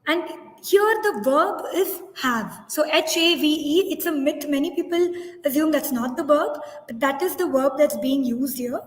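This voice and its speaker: A woman's voice: high voice, normal speed. A woman presenting a teachers' webinar, reading out live poll results and explaining answers step by step, often correcting herself mid-sentence. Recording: echoey room with long reverb.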